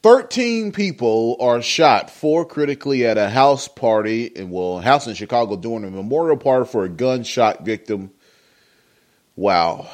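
Low-voiced man rambling over the news. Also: expressive, normal speed, a little mellow. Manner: rambling, opinionated, filler-heavy. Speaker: podcast host. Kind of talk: casual commentary.

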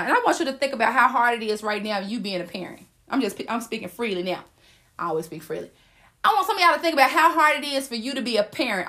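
A woman's voice: on the high side, pushed and bright. A woman giving a casual, sassy motivational monologue with playful asides to her listeners. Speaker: host.

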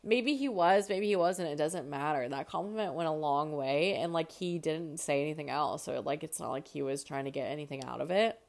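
A woman's voice: low-pitched, brisk, gravelly, few pauses. A young woman in her twenties with a slightly stuffy nose, chatting casually as a podcast host and filling her talk with "like". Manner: chatty, lots of "like", animated asides. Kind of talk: casual chat.

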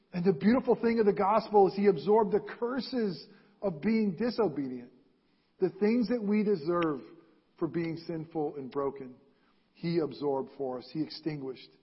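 A pastor preaching a sermon, stressing key phrases and repeating them for emphasis. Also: male voice, sits high, slightly rough. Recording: dull lo-fi sound in a reverberant hall.

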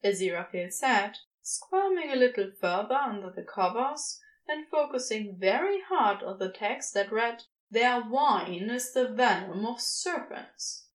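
A woman reading a story aloud as narrator, with expressive delivery. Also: on the high side, measured pace, hardly any pauses, poor audio. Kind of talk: scripted narration.

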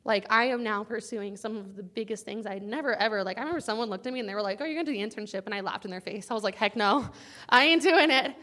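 Young woman, earnest chatty testimony, sometimes near tears, mid-pitched voice. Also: rapid-fire, hardly any pauses, a bit bright. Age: young adult. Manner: earnest, casual, chatty with many likes and guys. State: close to tears at times. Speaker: student sharing a testimony. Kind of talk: personal testimony to a campus group.

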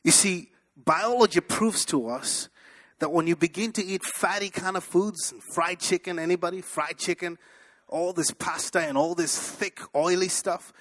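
Male pastor, high bright voice, animated sermon storyteller. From abroad, moved to the US in 1998. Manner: animated storytelling, shouts at peaks. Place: church.

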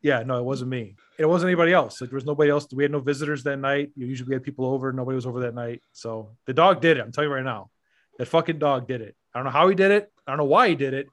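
A man telling a funny story in a casual, profane podcast chat, animated and laughing often. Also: mid-range voice, very fast.

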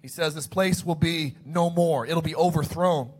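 A man preaching a sermon as pastor, animated, acting out the story's dialogue in quick asides. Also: fairly high pitch, breathy edge.

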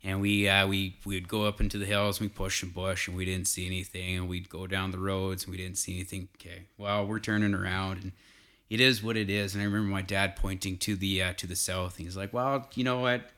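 A man's voice: low-pitched, monotone, quick pace, bright, forceful tone. A man telling a casual hunting story, rambling with fillers and restarts.

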